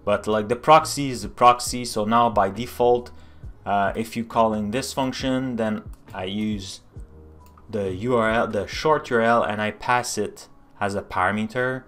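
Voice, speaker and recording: French-canadian guy streaming his coding, kinda low voice, lots of um and like, answers chat as he goes. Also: a little slow, a bit bright, faint music behind. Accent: Quebecois French. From Quebec. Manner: thinks aloud, reads chat questions, many fillers and restarts. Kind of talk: casual live-stream chat while coding.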